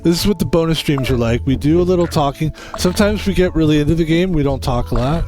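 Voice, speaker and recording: A man streaming a game from the United States, rambling in a loose way and swearing freely. His voice sits a little high for a man. Faint game music plays behind him. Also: quick pace, darkish tone. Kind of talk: casual stream chat while gaming.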